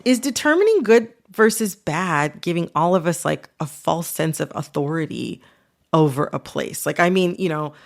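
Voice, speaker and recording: A woman's voice: low-pitched, normal speed, gravelly. A woman hosting a podcast, chatting casually and animatedly with lots of "like"s. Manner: casual and animated, many filler "like"s. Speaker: podcast host. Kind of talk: conversational podcast chat.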